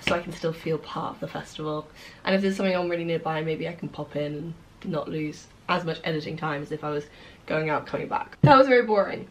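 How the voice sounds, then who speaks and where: A young woman, a comedian, chatting in a casual vlog and teasing an audience with playful crowd work, laughing often. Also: fairly low pitch. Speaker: stand-up comedian and vlogger. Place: small comedy venue with an audience. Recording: echoey room, far from mic, crowd noise.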